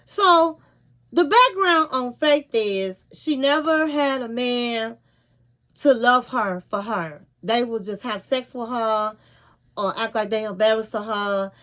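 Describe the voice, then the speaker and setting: A woman vlogger retelling a reality show in a chatty, animated way, often calling the listener "honey.". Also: a little high, takes it slowly. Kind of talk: casual storytelling recap.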